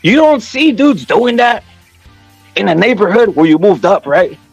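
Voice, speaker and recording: A man's voice: high voice, big pitch swings, a little slow, creaky, dry recording, soft background music. A man hosting a casual boxing rant, profane, repetitive and heated. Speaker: boxing commentary channel host.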